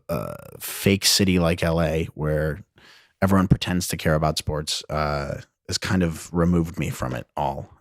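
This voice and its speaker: A man's voice: very deep voice, no echo, clean studio sound. A young man hosting a casual solo podcast, telling a story in a rambling, self-deprecating way and laughing often. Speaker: podcast host. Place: his old high school bedroom.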